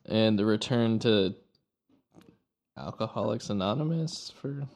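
A man with a fairly low voice hosts a casual podcast. He jokes easily and rambles through summaries in a relaxed way. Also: measured pace, background noise. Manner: joking, relaxed, loose summarizing. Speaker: podcast host.

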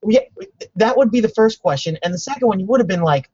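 Husky voice ranting sarcastically. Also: mid-range voice, expressive, quick pace, a little mellow, dry recording, dull audio. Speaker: podcast co-host. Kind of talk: casual chat.

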